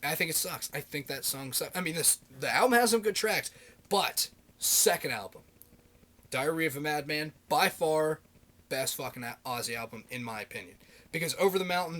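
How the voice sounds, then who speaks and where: A married man vlogging about his favorite metal albums, swearing constantly in an animated, ranting way. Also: fairly high pitch. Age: adult, married. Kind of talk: casual rant.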